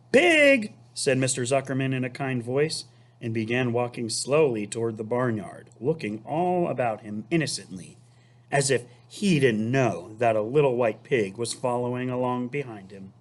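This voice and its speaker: A man who teaches, reading a children's book aloud to his students in an expressive, unhurried way. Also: medium pitch. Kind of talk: storybook read-aloud.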